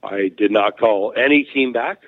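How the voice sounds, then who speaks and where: Telling casual stories as an interview guest, a former hockey player rambles with plenty of fillers and restarts. He speaks at a measured pace in a lowish voice, and the narrow, phone-like recording has no echo.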